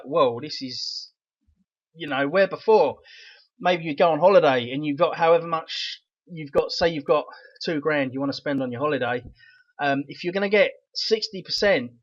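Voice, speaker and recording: A middle-aged man with a London Cockney accent talks eagerly with a rattly voice, padding his lines with fillers. His voice sits fairly high for a man. The recording is dry and dull, as if on a cheap mic. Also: a bit bright, no echo. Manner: enthusiastic, rambling with fillers. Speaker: crypto channel host. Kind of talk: casual vlog review.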